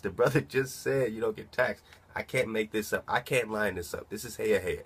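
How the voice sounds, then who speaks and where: A man's voice: lowish voice, steady tone, a bit bright, breathy edge. A man reading a document aloud and commenting on it in a casual way, asking himself rhetorical questions as he goes. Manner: muses aloud, asks rhetorical questions, reads slowly then comments.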